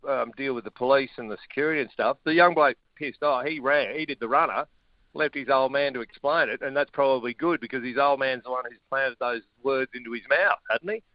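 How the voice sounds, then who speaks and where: A middle-aged man, a former rugby player talking sport as a radio guest in a blunt, chatty, excitable way. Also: medium pitch, fairly quick, dry recording, dull audio. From Australia. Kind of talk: casual sports chat.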